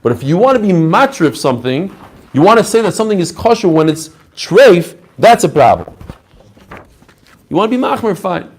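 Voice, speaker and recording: A man teaching a lively Talmud class, mixing in Hebrew and Aramaic terms and acting out the rabbis' answers. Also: high voice, normal speed, husky. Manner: animated, mixes Hebrew and Aramaic terms, acts out quoted answers.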